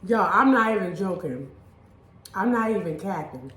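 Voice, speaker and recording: Excitable woman cooking on camera, echoey kitchen. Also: medium pitch, moderate pace. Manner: chatty and excitable, laughs easily. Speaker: fitness vlogger cooking at home. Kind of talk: casual cooking vlog chat.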